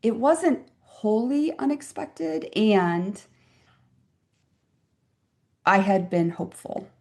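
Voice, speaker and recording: A woman's voice: mid-range voice, lively intonation, extremely slow, darkish tone. A woman in her fifties speaks as a podcast guest in a mid-range voice. She tells stories earnestly and reflectively. She leans on key words for emphasis. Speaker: physician guest. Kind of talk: conversational interview storytelling.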